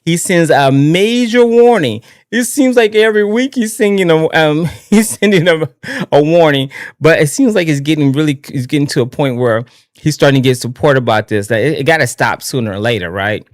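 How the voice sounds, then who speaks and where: A man hosting his own live political talk stream in a casual, excitable, rambling way, often restarting his sentences. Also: on the high side, brisk, no echo, clean studio sound. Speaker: livestream political show host.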